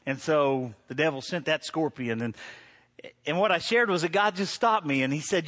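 Middle-aged male pastor, high-pitched, conversational sermon with loud preaching peaks. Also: animated, normal speed. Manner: storytelling, swings from quiet to loud preaching.

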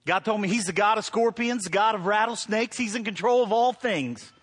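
A middle-aged man preaching a sermon as pastor, telling stories from his week, going from hushed asides to loud preaching. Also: high-pitched, a little fast, breathy edge. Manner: storytelling, swings from quiet to loud preaching.

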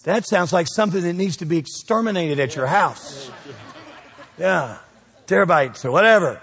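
A man preaching a sermon, asking the congregation to call out the missing words and swinging between loud peaks and quiet asides. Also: high voice, expressive, normal speed, creaky, husky. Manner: call-and-response preaching, asks the crowd to fill in words. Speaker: pastor. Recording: long reverb of a church hall.

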